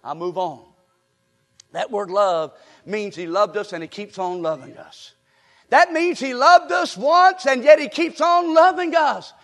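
A pastor delivering a fervent sermon, often breaking into shouts. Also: male voice, very high voice, a little slow, faint music behind. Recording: long reverb of a large hall.

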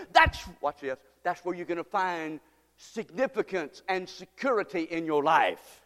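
A man's voice: sits high, animated, measured pace, sharp tone. A man preaching a sermon, telling a story and building up to impassioned appeals. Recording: long hall reverb.

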